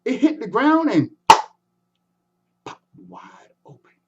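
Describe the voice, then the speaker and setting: A man telling a folktale in an animated way, adding sound effects and inviting the audience to join in. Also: extremely high pitch, takes it slowly, lo-fi sound, heavy background noise. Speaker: storyteller. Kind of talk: folktale storytelling performance.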